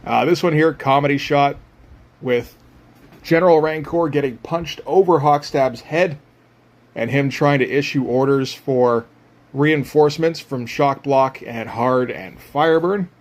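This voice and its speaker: A man with a mid-range voice talks unhurriedly about his comic art while he draws. He's a comic artist giving casual commentary, rambling and poking fun at himself with frequent chuckles.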